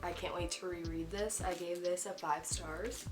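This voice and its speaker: A woman's voice: lowish voice, steady tone, moderate pace, music in the background. A woman chatting candidly as she reviews books she has read, with plenty of "um" and "like". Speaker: book vlogger. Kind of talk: casual book review chat.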